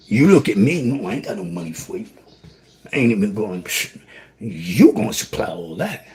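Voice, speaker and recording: A man preaching on a livestream, fiery and preachy, swinging from loud outbursts to a near-whisper. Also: medium pitch. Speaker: livestream host.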